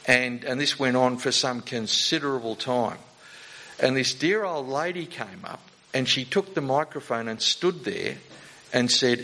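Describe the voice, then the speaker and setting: A man's voice: a little high, expressive, moderate pace, a bit bright, low-quality recording. A man giving a sermon in a conversational way, often asking the congregation rhetorical questions. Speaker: preacher.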